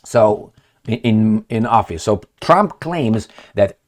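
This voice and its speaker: A man's voice: fairly low pitch, lively intonation, slow pace. A man giving rambling, sarcastic political commentary on his own, swearing and laughing often.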